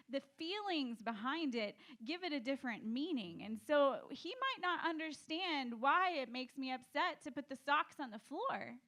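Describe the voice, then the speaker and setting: A woman co-preaching on marriage from a church stage, speaking calmly and earnestly. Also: high-pitched, normal speed, hardly any pauses. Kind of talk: sermon on marriage.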